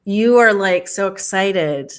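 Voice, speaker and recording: A woman's voice: medium pitch, takes it slowly, clean tone. Earnest, enthusiastic woman podcast guest. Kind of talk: conversational interview.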